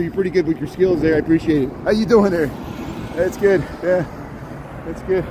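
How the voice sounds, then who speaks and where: A man's voice: fairly high pitch, moderate pace. Chatty man live-streaming on busy city streets. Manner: chatty, greets viewers by name, repeats himself. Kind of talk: casual live-stream narration while walking. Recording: loud street traffic noise.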